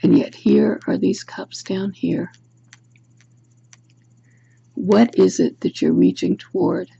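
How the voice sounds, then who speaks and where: A woman's voice: lowish voice, steady tone, takes it slowly, gravelly, warm tone, husky, highs cut off. A woman giving a tarot card reading to camera, musing aloud and asking the viewer reflective questions. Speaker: tarot reader. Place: home room, self-recorded video. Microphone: camera's built-in mic.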